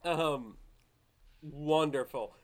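A man narrating a tabletop game as game master, relaxed and rambling with many fillers. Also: a little high, drawn-out words.

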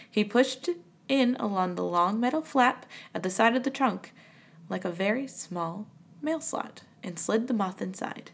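A woman reading a children's storybook aloud with an expressive delivery. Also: mid-range voice, unhurried, creaky, slightly rough. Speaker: reader.

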